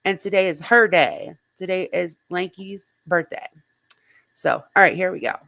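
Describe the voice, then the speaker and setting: A slightly hoarse woman hosting a casual livestream, rambling and greeting viewers in the chat by name. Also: fairly low pitch, normal speed, fairly bright tone, dry recording. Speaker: livestream host.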